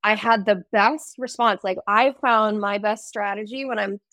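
A woman's voice: mid-range voice, moderate pace, dry recording, clean studio sound. A woman musician, a podcast guest, telling stories in casual chat with many fillers, heard over a remote call. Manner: animated storyteller, many "like" fillers.

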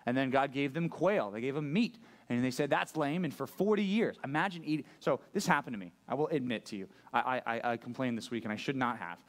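A man's voice: mid-range voice, fast talker. A man preaching a sermon as pastor, conversational and joking, asking the room questions. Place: church room with a live audience.

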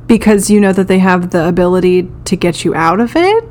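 A woman's voice: lowish voice, very animated, brisk, a little mellow. A woman co-hosting a podcast, reacting with short quips and questions in casual chat. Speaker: podcast co-host.

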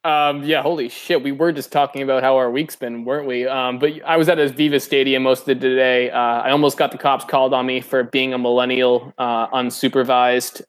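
A man from Massachusetts co-hosting a casual podcast, laughing easily while he tells loose stories. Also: medium pitch. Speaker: podcast co-host.

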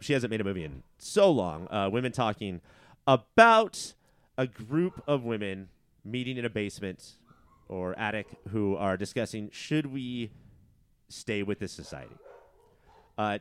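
Brief: an animated male host, wry and joking, running the show. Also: fairly low pitch, normal speed, clear, resonant tone. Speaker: podcast host running a movie bracket. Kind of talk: casual comedic chat.

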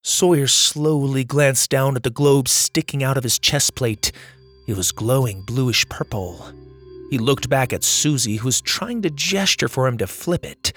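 A man reading a children's adventure story as its narrator, in a measured and dramatic storytelling manner. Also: medium pitch, expressive, fairly bright tone, faint music behind.

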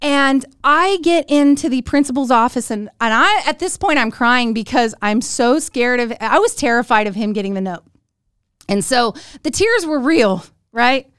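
A middle-aged woman hosting a podcast and telling a story, animated and giggly, acting out the lines she quotes. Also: on the high side, measured pace, clean tone, no room sound, clean studio sound. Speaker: podcast host. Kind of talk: casual storytelling chat.

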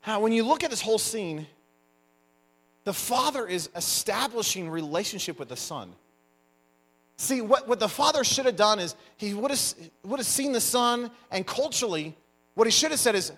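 Man, pastor's sermon, animated storytelling, bright ringing voice. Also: high voice, normal speed. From United States. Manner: animated storyteller, lively emphasis.

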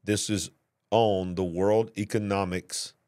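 A man's voice: fairly low pitch, takes it slowly. Southern man telling a story on a show. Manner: animated, acts out both sides of the story, drawling. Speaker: host. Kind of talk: casual storytelling commentary.

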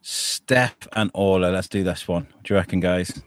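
A man's voice: low-pitched, moderate pace, no room sound, clean studio sound. A man, hosting and setting up improv games in chatty, stop-start talk. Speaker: podcast host. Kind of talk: casual chat, running improv games.

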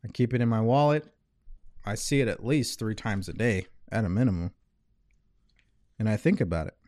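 A man hosting a live motivational talk, earnest in manner, slowly repeating gratitude affirmations. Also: lowish voice, no echo, studio quality. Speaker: motivational host. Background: loud relaxing music.

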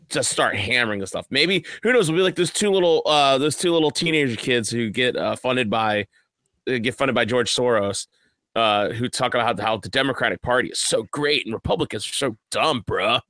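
A man's voice: mid-range voice, animated, fairly quick, bright, forceful tone, dry recording. A man co-hosting a podcast, joking sarcastically in casual banter. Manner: jokey, sarcastic. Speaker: podcast co-host.

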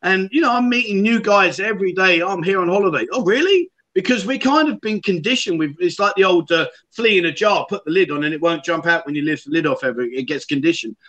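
A man's voice: sits high, fast, few pauses, a bit bright, dull audio. A man hosting a livestream chat show, telling stories and reading out viewer comments. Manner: chatty storyteller, reads out viewer comments. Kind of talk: casual chat.

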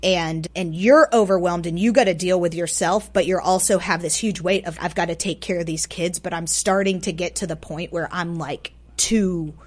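A woman telling a personal story as a radio guest, swinging between loud and hushed, often repeating words for emphasis. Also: lowish voice, steady tone, normal speed, few pauses. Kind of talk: personal story told aloud. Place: radio studio.

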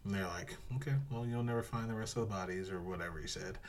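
A man with a very low voice chats casually on a podcast, rambling loosely through a story and dropping into quoted lines. A faint background hiss sits under the recording. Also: fast. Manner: rambling, laughs often, acts out quotes in a dropped voice. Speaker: podcast co-host. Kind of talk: casual chat, retelling a movie.

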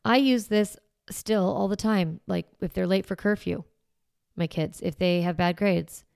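A woman's voice: fairly low pitch, a little slow, vocal fry, darkish tone, clear, resonant tone, dry recording, studio quality. A woman in her forties, a parenting coach hosting a podcast, talking casually and acting out little quotes. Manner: chatty, acts out quotes, many "like" fillers.

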